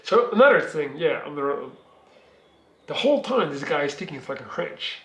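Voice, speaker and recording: A man from Belgium, in his thirties, rambles through a personal story for his vlog. His voice sits a little high for a man and he swears casually. The room rings with a noticeable echo. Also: sing-song, moderate pace, a bit bright. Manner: long-winded, rambling, swearing. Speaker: vlogger. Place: living room.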